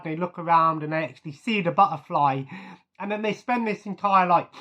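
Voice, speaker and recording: A man's voice: fairly high pitch, bright, forceful tone. A man in casual chat, rambling through his favourite scenes with many fillers and chuckles. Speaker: vlogger.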